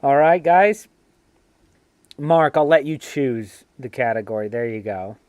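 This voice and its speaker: A man's voice: medium pitch, expressive, a little slow, dry recording, narrow, tinny audio. A man hosting a casual trivia game on a fan show, reading clues and teasing players playfully. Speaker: trivia quizmaster and show host.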